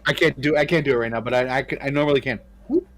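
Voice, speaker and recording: A man's voice: mid-range voice, steady tone, racing, a bit bright. A man co-hosting a podcast, teasing his friend in casual chat.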